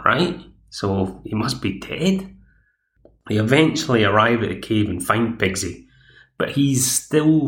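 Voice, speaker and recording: A man's voice: on the low side, a bit bright. A man, chatting through an episode recap as podcast host. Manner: chatty, digressive. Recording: echoey room.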